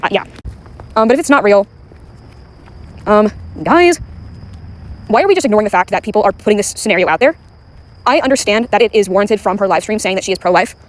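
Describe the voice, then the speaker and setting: A woman giving casual online commentary, talking frankly with lots of fillers and swearing. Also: medium pitch. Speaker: commentary YouTuber.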